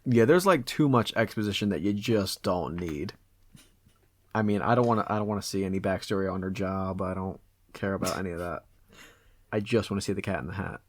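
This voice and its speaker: Podcast co-host, man, lowish voice, dry and wry. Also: brisk. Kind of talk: casual podcast chat.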